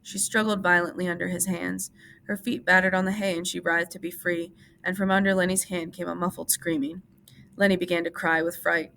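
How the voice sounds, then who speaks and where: Low, gravelly woman reading a novel aloud. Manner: steady, measured narration. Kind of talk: audiobook-style reading for class.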